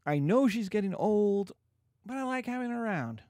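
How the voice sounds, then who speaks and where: A fussy, fretful old father as a male lecturer puts him on, pitched up above the speaker's usual voice and bouncing all over the place. He hedges, fusses and bends over backwards to please. The sound is close and dry. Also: lively intonation, normal speed, a little mellow, no echo. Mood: hesitant. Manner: hesitant, fussy, eager to please. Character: indulgent, wavering old father, later blustering.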